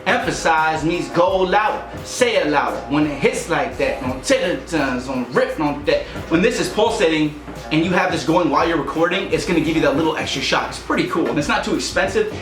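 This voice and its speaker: A man's voice: a little high, lively intonation, fairly quick. A man hosting a rap tutorial, explaining in a casual, upbeat way and counting out beats. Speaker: rap coach and channel host. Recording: echoey room with music behind.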